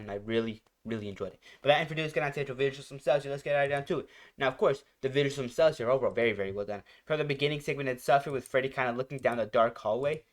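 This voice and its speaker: A man hosting a reaction channel, rambling casually, repeating phrases and searching for words as he reviews a song. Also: mid-range voice. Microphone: headphones.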